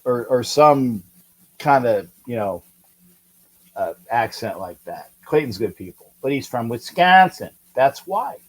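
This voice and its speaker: A man from California hosts a casual sports talk livestream with a sing-song lilt, medium pitch, and darkish tone at a measured pace. He rambles and chats while reading viewer comments and greeting people by name, all over a rough recording.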